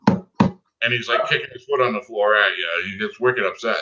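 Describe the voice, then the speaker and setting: A man's voice: lowish voice, moderate pace, sharp tone, lo-fi sound. A man co-hosting a casual live stream, goofing around with silly animal calls and impressions.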